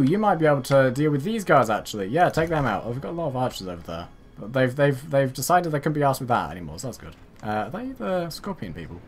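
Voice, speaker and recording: A man narrating a strategy game, chatty and self-mocking as he barks orders at his units. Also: medium pitch. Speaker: gaming YouTuber. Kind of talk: casual let's play commentary.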